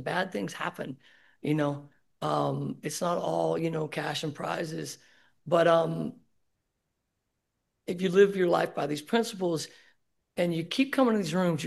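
A man speaking candidly at a recovery meeting, sharing his personal story with many halting fillers. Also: on the high side, gravelly. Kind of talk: personal testimony.

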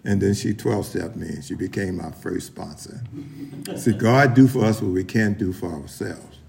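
A man's voice: low-pitched, normal speed, creaky, darkish tone. A middle-aged man sharing his story at a recovery meeting, rambling with many restarts and talking straight to the room. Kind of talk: personal testimony at a meeting.

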